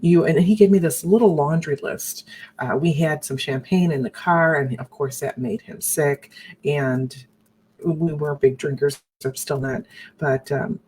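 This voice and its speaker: A woman sharing her own story of abuse in a personal broadcast, talking haltingly and earnestly, often restarting and acting out what others said. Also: sits low, darkish tone, a little hiss or hum, rough recording.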